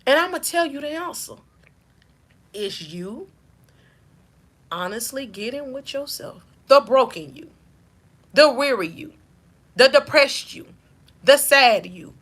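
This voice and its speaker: A woman's voice: sits high, lively intonation, slow pace, long pauses, fairly bright tone. A woman with a Southern US accent, a faith-based life coach giving a preaching-style motivational talk, driving her points home with rhythmic repetition and call-outs to her listeners.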